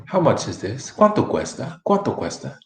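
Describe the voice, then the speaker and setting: A man's voice: medium pitch, huge pitch swings, moderate pace, darkish tone, echoey room, a little hiss or hum, poor audio. A man teaching a live-streamed Spanish lesson, chatty and repeating each phrase many times for practice.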